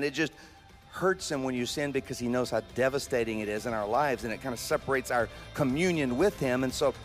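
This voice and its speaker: A man's voice: a little high, big-room sound. A man pastor preaching a sermon in an earnest, conversational way, now and then restarting a word.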